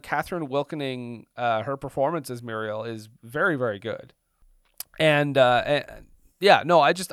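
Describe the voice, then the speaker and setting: Chatty man with a smooth voice. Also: medium pitch, a bit bright, dry recording, studio quality. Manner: chatty, lots of fillers and restarts. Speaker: podcast co-host. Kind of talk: casual film discussion.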